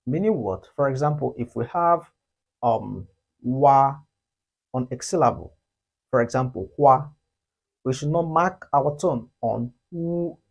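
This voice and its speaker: A man teaching pronunciation, speaking slowly and deliberately, calling out model sounds loudly and asking the listener to repeat after him. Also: mid-range voice, gravelly, slightly rough. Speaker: language teacher. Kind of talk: pronunciation lesson.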